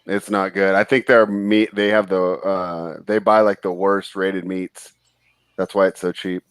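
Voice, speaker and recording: Show host, male, low-ish voice, dry close sound, relaxed betting banter with fillers. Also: clean tone, dry recording. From Northern California. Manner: easygoing, quick laughs, frequent fillers. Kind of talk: casual live game chat.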